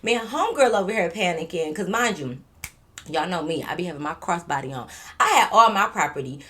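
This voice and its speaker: A woman's voice: on the low side, a little fast. A young woman, telling a storytime in casual, slangy chat and acting out what people said. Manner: animated, slangy, acts out quotes and drops to a whisper.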